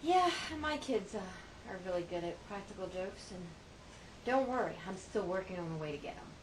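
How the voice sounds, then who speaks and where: A middle-aged mother casually tells family stories in a chatty, playful, self-mocking monologue. Her voice is medium-pitched and animated at normal speed, and the amateur recording is rough, with audible background noise.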